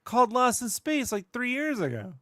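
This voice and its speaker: Teasing man with a lively voice. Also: extremely high pitch, moderate pace, dry recording, clean studio sound. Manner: teasing, laughs often. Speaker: podcast co-host. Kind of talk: casual podcast chat.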